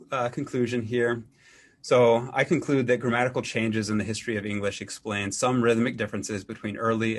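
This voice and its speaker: Low-voiced man giving an academic lecture. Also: fairly bright tone. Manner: measured, with frequent ums and restarts. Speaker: English professor giving a lecture.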